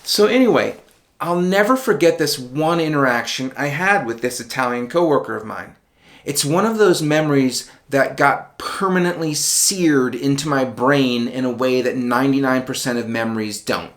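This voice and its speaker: A man's voice: medium pitch, expressive, moderate pace. A middle-aged man telling a personal story in a wry, conversational monologue with self-deprecating asides. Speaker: video essayist.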